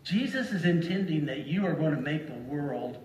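A man preaching a sermon to a congregation, slow and deliberate, leaning hard on single words to stress them. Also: on the high side, lively intonation, a little mellow, slight background noise. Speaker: pastor. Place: church sanctuary. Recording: echoey hall from far off.

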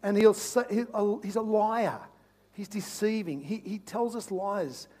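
A man preaching a sermon as pastor, passionate and repetitive, swinging between loud urgent pleas and hushed, intimate tones, often stammering into restarts. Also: high voice, measured pace. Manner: repeats phrases, restarts with stammers.

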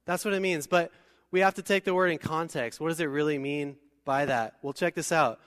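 A man preaching a sermon in a church, chatty with joking asides and slow scripture readings. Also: on the high side, a bit bright, smooth. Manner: conversational, joking asides, reads scripture slowly. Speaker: pastor. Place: church hall. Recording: long hall reverb.

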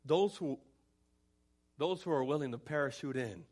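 Man preaching a sermon, higher-pitched. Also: moderate pace, darkish tone. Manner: preaching with rising intensity and repeated pleading refrains. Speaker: pastor.

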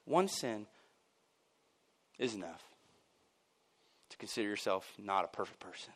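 A man preaching a sermon at a church service. His voice jumps high and loud on his points, then falls low and quiet. Between those points he drops in casual asides with a chuckle. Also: unhurried. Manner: animated and emphatic, swinging from loud bursts to near-quiet. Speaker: pastor.

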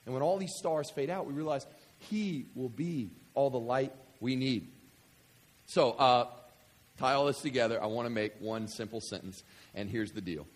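A man from West Kentucky preaching a sermon, joking with the congregation and swinging from quiet scripture reading to loud excitement. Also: medium pitch, moderate pace. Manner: animated, jokey, swings between quiet reading and loud enthusiasm. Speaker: pastor.

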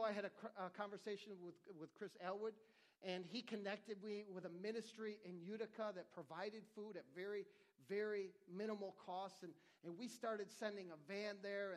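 High-voiced earnest male pastor preaching. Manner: earnest, conversational preaching with repeated restarts. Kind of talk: sermon.

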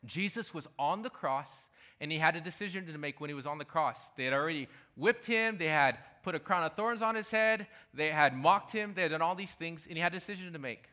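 A male pastor delivers a sermon with emphasis, circling back to repeat his main lines. His voice is bright and forceful, sitting a little high for a man. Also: fairly quick, few pauses. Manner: emphatic, repeats key phrases.

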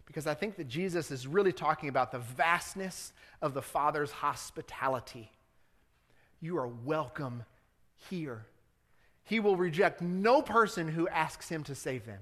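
A man with a slightly high voice delivers a sermon in a church sanctuary. He preaches in a relaxed, conversational way and pushes into earnest appeals. The sound carries a long hall reverb. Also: normal speed. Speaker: pastor.

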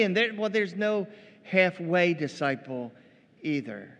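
High-voiced man preaching in a reverberant church. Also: slow pace. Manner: animated preaching, acting out quoted voices. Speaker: pastor. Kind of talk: sermon.

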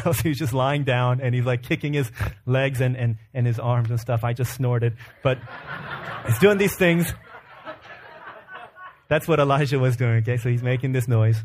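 A pastor in his thirties with a medium-pitched voice preaches a sermon. He tells his stories earnestly, breaking into laughter and acting out the characters' voices.

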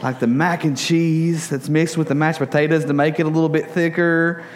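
A man's voice: a little high, moderate pace. A young adult man preaching a casual sermon, telling stories with jokes and lots of fillers. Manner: casual, joking, animated storytelling with many fillers. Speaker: pastor.

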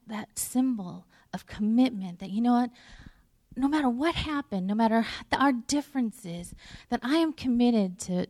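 A woman's voice: on the high side, darkish tone, dry recording, studio quality. A woman pastor giving a sermon in a conversational way, full of fillers and restarts, sometimes dropping to a near whisper. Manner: drops to a near whisper at tender moments. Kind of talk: sermon with personal story.

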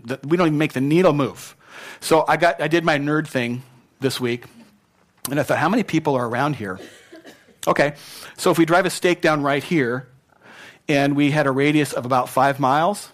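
A man preaching a sermon as pastor in a church, conversational and at times emphatic. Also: mid-range voice.

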